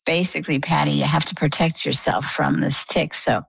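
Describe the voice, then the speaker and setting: An older woman recounting a personal story in an interview, animated and full of quoted dialogue. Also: low-pitched, normal speed, gravelly, husky, no room sound, poor audio. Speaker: interview guest. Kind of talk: conversational storytelling. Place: lives on the coast of Maine.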